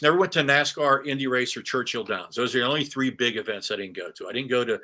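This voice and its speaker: A middle-aged man with a sharp, bright tone spins animated anecdotes as a guest on an interview show. He talks casually, stumbling over restarts and fillers as he goes. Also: medium pitch, fast talker, few pauses. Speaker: retired sportscaster, guest.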